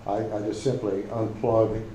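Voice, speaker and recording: Low, dark-voiced man, hesitant club member, roomy with a faint hum. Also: level tone, normal speed. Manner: hesitant, many fillers and restarts. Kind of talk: casual chat. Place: club meeting room.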